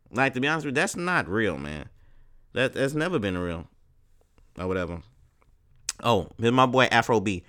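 A man's voice: lowish voice, a bit bright. A man hosting a casual solo podcast, talking in a profane, rambling, laid-back way full of street slang. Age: 30s. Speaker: podcast host.

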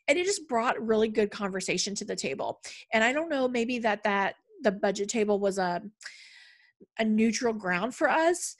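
A woman's voice: mid-range voice, lively intonation, moderate pace. A middle-aged woman talking in a casual, conversational way, with frequent fillers and a storytelling flow. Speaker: podcast speaker on money. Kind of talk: casual talk.

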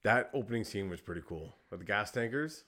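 A man co-hosting a movie review podcast, easygoing and chatty, often agreeing with quick yeahs. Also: on the low side, lively intonation, bright, forceful tone. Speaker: podcast co-host. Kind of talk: casual movie review chat.

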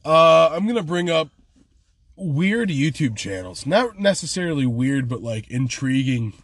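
Husky, slangy man on a podcast. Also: a little high, big pitch swings, a little slow, no echo. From Michigan. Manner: slangy, says "dog" and "bro", crude. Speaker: podcast co-host. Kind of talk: casual podcast chat.

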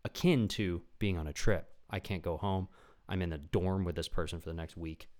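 A young man with a deep, low-pitched voice hosts a podcast solo. He talks in a loose, rambling comedic monologue, swears freely, and slips into quick impressions of people in his stories. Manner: rambling, animated, swears a lot, acts out voices. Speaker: podcast host.

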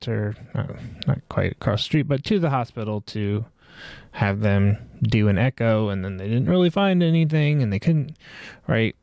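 A man's voice: fairly low pitch, vocal fry, a little mellow, dry recording. A man in his forties hosting a podcast, reflecting on his life in a rambling way with many fillers and restarts. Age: 40s. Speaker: podcast host. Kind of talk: personal reflective monologue.

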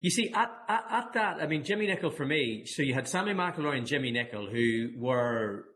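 A man's voice: medium pitch, lively intonation, fairly quick, fairly bright tone. A man, chatting casually on a podcast, rambling and laughing with many restarts. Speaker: podcast co-host. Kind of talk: casual chat.

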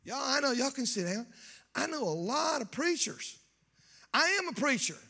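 A man preaching a folksy, joking sermon in church that builds to shouting. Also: very high voice, sing-song, moderate pace, vocal fry. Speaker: pastor.

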